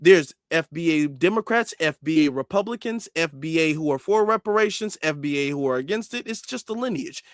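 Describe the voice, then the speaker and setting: Exasperated male vlogger, high voice, dry close sound, keeps checking "okay?". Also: expressive, a little fast, few pauses, no room sound. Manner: exasperated, repeats "okay?" to drive points home. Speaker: commentary vlogger. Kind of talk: opinion rant.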